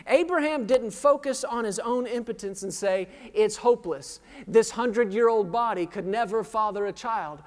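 Preaching man in a reverberant church hall. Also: extremely high pitch. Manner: call-and-response preaching, quizzing the congregation; jokey and self-deprecating. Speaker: pastor. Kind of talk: sermon. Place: church sanctuary.

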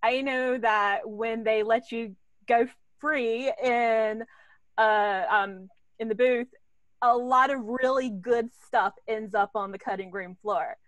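A woman puts an eager question to a voice actor, her voice a little high. The sound is dry and close, with no room echo. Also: steady tone, slow pace. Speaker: interviewer. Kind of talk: casual interview.

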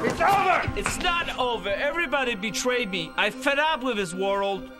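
A stilted, melodramatic jilted lover. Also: male voice, very high voice, lively intonation, moderate pace, loud music behind the voice. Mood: anguished shouting. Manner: stilted, overwrought line delivery. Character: brooding jilted man, melodramatic and volatile.

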